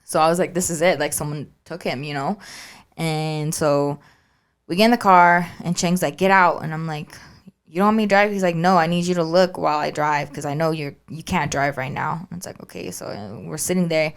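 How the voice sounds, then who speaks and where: A woman's voice: sits low, a little fast, clean tone. A woman co-hosting a podcast, telling a story in casual chat and acting out the voices of the people in it. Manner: animated storytelling, acts out quoted dialogue. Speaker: podcast co-host.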